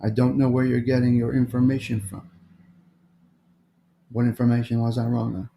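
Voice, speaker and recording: A middle-aged man talks through a casual morning live stream, reading out comments and greeting viewers one by one. His voice is mellow and dark, and his talk wanders loosely from one topic to the next. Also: medium pitch, level tone, normal speed, gravelly, roomy sound, a little hiss or hum. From United States. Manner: chatty, greets viewers by name, drifts between topics. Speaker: livestream host.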